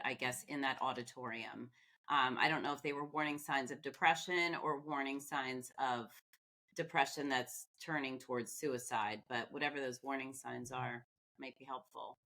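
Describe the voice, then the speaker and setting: A woman's voice: extremely low pitch, sharp tone. A woman co-hosting a podcast, asking a guest questions in a hesitant, thinking-aloud way. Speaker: podcast co-host. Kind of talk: casual interview questions.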